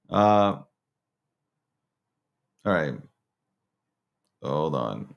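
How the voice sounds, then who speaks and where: A man hosting his own casual livestream show, rambling and profane, quick to get worked up. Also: sing-song, gravelly. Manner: rants loudly with sharp pitch jumps. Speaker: host.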